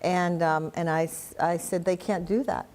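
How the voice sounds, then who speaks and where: A woman's voice: lowish voice, moderate pace. An older woman, a guest on an interview show, telling stories with lots of laughter and restarts. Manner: animated storyteller, laughs often, many restarts. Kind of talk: conversational storytelling.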